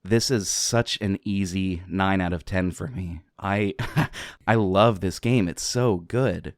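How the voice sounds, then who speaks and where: A man's voice: low voice, takes it slowly, no echo, clean studio sound. A man from southwestern Pennsylvania co-hosting a casual podcast, enthusiastic, laughing often and rambling into asides. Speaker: podcast co-host.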